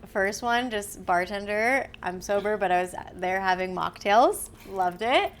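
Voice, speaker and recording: A woman, a podcast guest, telling a story in casual chat, animated and laughing often as she acts out what others said. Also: mid-range voice, measured pace, slight background noise.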